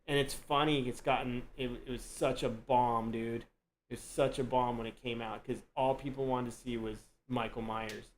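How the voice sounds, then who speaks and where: A man's voice: mid-range voice, moderate pace, rough recording. Chill guy hosting a livestream, rambly and easygoing, slight hiss behind him. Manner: relaxed, rambling, says "you know" and "dude" a lot. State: yawning, tired. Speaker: host. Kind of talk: casual chat on a live stream.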